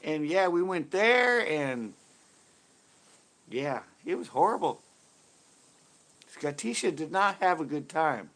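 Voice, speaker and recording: A man voicing a sassy woman who speaks in third person, in a high falsetto. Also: big pitch swings, slow, pauses often, fairly bright tone, full character voice.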